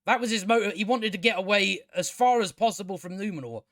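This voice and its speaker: A man's voice: high voice, fast, fairly bright tone, no room sound, studio quality. A man hosting a casual spoken TV review, sarcastic and exasperated, swearing freely and restarting his sentences. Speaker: TV review channel host.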